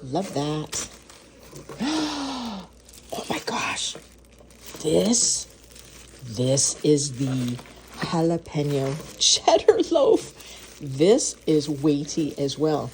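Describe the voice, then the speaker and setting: A woman's voice: sits low, very animated, very slow, darkish tone, a little hiss or hum. A woman food vlogger unboxing and tasting baked goods in her kitchen, gasping and gushing as she goes. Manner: gushing, gasps and moans over food. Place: home kitchen.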